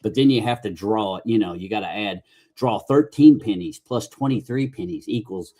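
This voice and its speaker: A man's voice: fairly low pitch, moderate pace, dark tone. A middle-aged man hosting a podcast, telling rambling, folksy stories in casual chat with restarts and mild cursing. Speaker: podcast host.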